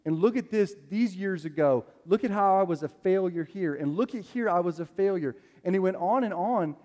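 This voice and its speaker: Guy preaching a sermon, casual storytelling, lots of likes and ums, kinda high voice, big echoey church. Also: normal speed, darkish tone. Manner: conversational storytelling preaching, many fillers. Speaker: pastor. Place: church sanctuary. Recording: long hall reverb.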